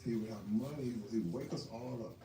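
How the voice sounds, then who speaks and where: A man telling personal stories in a casual chat over a meal, emotional and animated, dropping to murmurs and rising to loud bursts. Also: medium pitch, quick pace. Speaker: guest. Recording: echoey, distant, noisy room.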